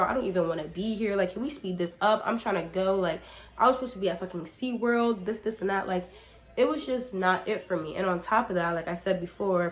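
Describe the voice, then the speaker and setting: A young woman vlogger telling a casual storytime. She sounds slightly hoarse from a cold, talks chattily, swears freely, and fills her speech with "like" while speaking straight to her viewers as y'all. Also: mid-range voice. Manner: addresses viewers directly as y'all.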